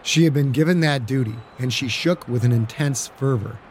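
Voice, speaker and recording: A man narrating an audiobook in a steady, dramatic storytelling manner. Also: medium pitch, normal speed, slight background noise. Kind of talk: scripted narration.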